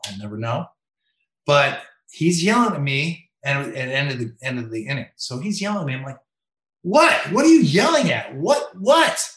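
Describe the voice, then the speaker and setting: Umpire guy telling stories, bright forceful voice, lots of room echo. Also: mid-range voice. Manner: animated, acts out quotes with raised voice. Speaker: MLB umpire guest. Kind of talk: storytelling in interview.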